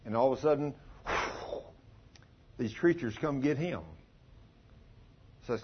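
A man preaching a sermon as a pastor, telling stories in a folksy way with dramatic pauses. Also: mid-range voice, slight background noise. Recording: dull lo-fi recording.

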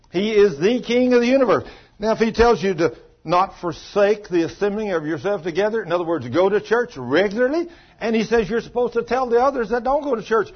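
A preacher with a husky, slightly high voice, telling a folksy story in a small church and acting out each person's lines. The recording sounds muffled and lo-fi. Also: male voice, fairly quick. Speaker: pastor. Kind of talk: sermon.

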